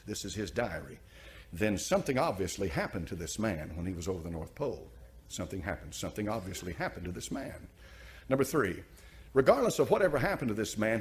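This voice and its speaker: Male preacher, lively pitch, alternates between reading a diary and commenting on it. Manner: reads diary passages aloud, then comments and questions. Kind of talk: sermon retelling a diary.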